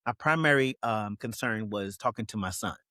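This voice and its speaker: A man's voice: lowish voice, normal speed, bright, forceful tone, dry recording. Reflective man talking, dry close sound. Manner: reflective, with frequent "you know what I mean" fillers. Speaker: guest. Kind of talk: candid interview talk.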